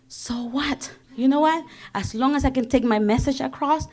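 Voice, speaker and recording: A woman's voice: sits high, brisk, darkish tone. A woman in her thirties with a Salvadoran Spanish accent, a government office director giving a passionate panel speech and switching between Spanish and English. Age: 30s.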